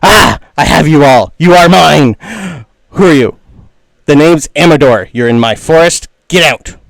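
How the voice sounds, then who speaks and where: A tiny male dandelion creature with a rapier, bossy and territorial, speaks in a weird little high voice, as a man puts him on. He declaims slowly and loudly, with pompous flair in a tabletop game. The voice is dry and close. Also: very animated, dry recording. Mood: imperious. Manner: grandly declaiming, bossy and flirtatious. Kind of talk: game master voicing a character.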